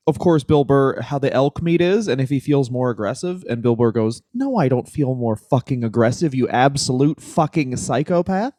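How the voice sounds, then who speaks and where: A man's voice: fairly high pitch, darkish tone, dry recording. A young man co-hosting a comedy podcast, riffing loosely with lots of "like" and mock impressions. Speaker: podcast co-host. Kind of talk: casual comedic chat.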